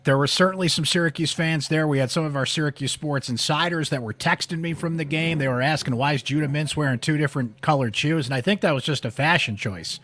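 A man's voice: on the high side, quick pace, few pauses, fairly bright tone. A man hosting a casual postgame sports show, upbeat, reading listener texts and speaking straight to the audience. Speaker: sports podcast host.

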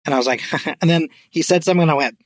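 Male podcast guest, somewhat high voice, dry sound, loose rambling chatter. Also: very fast, no echo. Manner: rambling, full of fillers. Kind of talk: casual chat.

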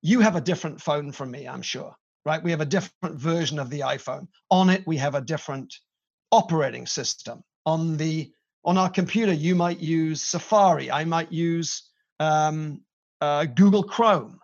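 Middle-aged brit guy telling his career story in an interview, bit of vocal fry, kinda dull recording. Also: a little high, normal speed. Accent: British. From Britain. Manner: storytelling, self-deprecating with laughs. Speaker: company CEO guest. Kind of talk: interview conversation. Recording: slightly dull lo-fi sound.

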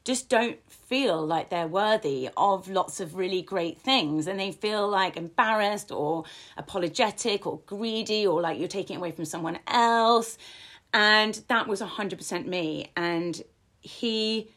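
A woman with a medium-pitched, fairly bright voice shares her own story as an interview guest, speaking frankly and poking fun at herself. She shifts back and forth between a slow and a quick pace.

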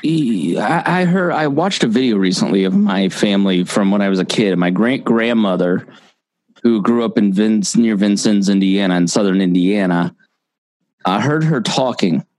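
A man's voice: on the low side, animated, normal speed, darkish tone, no echo, rough recording. A man hosting a podcast in casual conversation, often restarting and repeating words as he talks. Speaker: podcast host.

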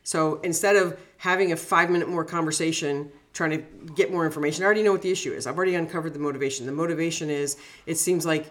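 A woman's voice: sits low, racing, hardly any pauses. A middle-aged woman, a negotiation coach, chatting animatedly on a podcast, laughing easily and acting out examples. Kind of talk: casual podcast chat.

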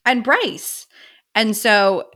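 A woman's voice: medium pitch, lively intonation, very slow, a bit bright. Chatty woman retelling a book. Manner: emotional, retelling plot scenes animatedly. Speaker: podcast co-host. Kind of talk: casual book podcast chat.

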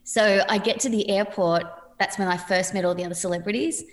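A woman's voice: mid-range voice, a little fast. Chatty woman telling a story. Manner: chatty, laughing, lively quoted voices. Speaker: podcast guest. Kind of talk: casual interview storytelling.

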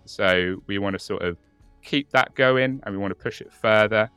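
Bright, clear-voiced British man. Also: on the low side, moderate pace, no echo, soft background music. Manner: chatty, laughs often. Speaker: podcast co-host. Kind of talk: casual chat.

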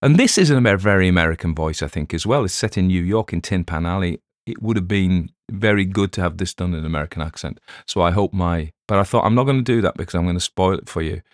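Deep-voiced chatty English man. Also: fast talker, hardly any pauses, no room sound, clean studio sound. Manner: rambling, chatty, with many restarts and asides. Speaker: podcast host. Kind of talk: casual spoken afterword.

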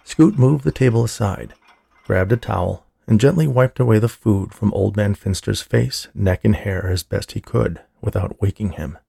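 A male narrator reads a horror tale in measured, deliberate scripted narration. His low voice is heavily gravelly and somewhat husky. It is recorded dry and close, with no room sound. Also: warm tone, dry recording.

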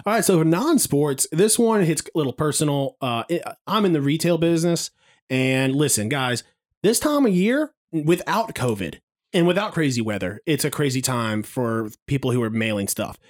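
A man's voice: fairly high pitch, very animated, moderate pace. A man co-hosting a casual podcast, ranting with exasperation about his retail job. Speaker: podcast co-host who works in retail. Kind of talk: casual chat.

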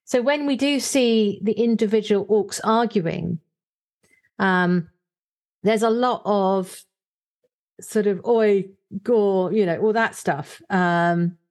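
A woman's voice: mid-range voice, slow, pauses often. A woman in casual discussion, thinking aloud with frequent fillers and reading short book passages aloud. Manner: thoughtful, hesitant, many fillers, reads book passages aloud.

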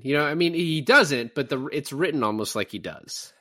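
A man's voice: a little high, normal speed, few pauses, no echo, clean studio sound. A man co-hosting a film review podcast, chatting casually and acting out movie lines with energy. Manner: animated, acts out movie lines. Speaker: podcast co-host.

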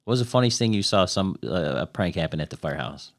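A man's voice: low voice, lively intonation, fast, no echo, clean studio sound. A man hosting a podcast, asking eager questions in a casual chat. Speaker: podcast host.

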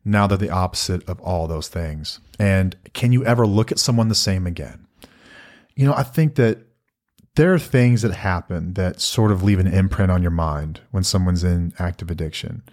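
A man's voice: sits low, moderate pace, a little mellow. Earnest middle-aged male podcast co-host. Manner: earnest, reflective, reads listener questions aloud. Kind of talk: casual podcast conversation.

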